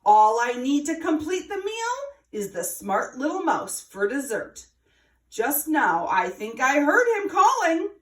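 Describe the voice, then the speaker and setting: A woman's voice: sits high, big pitch swings, unhurried, far from the mic, pitched above the performer's own voice. A woman voicing a greedy male fox in a storybook, muttering and growling his lines, recorded in a roomy space away from the mic. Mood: gloating. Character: big red fox, male, greedy, gruff. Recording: roomy, from afar.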